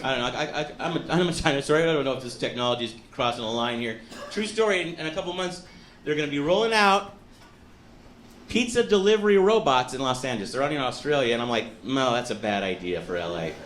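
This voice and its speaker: High voiced comedy guy from california, rambling, swears a lot, live club recording with a loud laughing crowd and noise. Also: lively intonation, fast. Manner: rambling, self-deprecating, with profane outbursts. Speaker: stand-up comedian. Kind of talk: live stand-up comedy set. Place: comedy club stage before a laughing audience.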